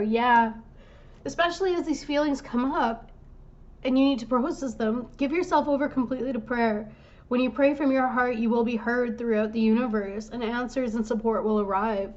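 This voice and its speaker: A woman giving a tarot reading to her viewers in a gentle, reassuring way, now and then breaking off to apologize. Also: a little high, lo-fi sound. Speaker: tarot reader.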